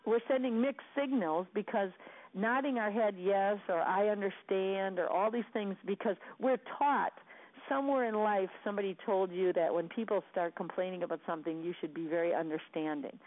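A woman's voice: mid-range voice, a little fast. A woman coaching her listeners in an earnest, sincere, repetitive way. Her voice comes through a thin, phone-like channel with narrow range. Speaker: sales coach. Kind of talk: motivational coaching talk. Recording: tinny phone-line sound.

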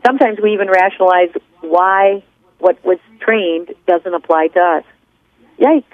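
A woman's voice: lowish voice, measured pace, no room sound. A woman leading a motivational class on a conference call, earnest and preachy as she tells stories. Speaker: class leader and coach. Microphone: phone. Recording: tinny phone line.

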